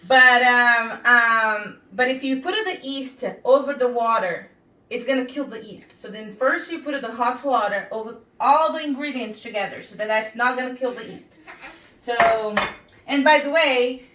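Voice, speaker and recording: Home baking teacher, woman with a foreign accent; halting and apologetic, lots of fillers, echoey kitchen. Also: fairly high pitch, sharp tone. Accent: non-native English. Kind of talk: casual cooking demonstration. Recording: echoey kitchen, mic far off.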